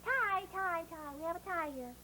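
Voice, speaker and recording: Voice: very high-pitched, lively intonation, moderate pace, bright, forceful tone, a little hiss or hum, full character voice, rough recording. A performer voicing a cheerful puppet boy who teaches children to write letters in a bouncy, encouraging, sing-song way. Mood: cheery. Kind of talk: playful kids' lesson.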